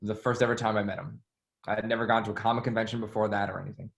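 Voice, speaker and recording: Chatty low-voiced man telling stories. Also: rapid-fire, gravelly. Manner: chatty, animated, heavy use of "like". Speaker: interview guest, former assistant. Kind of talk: casual storytelling interview.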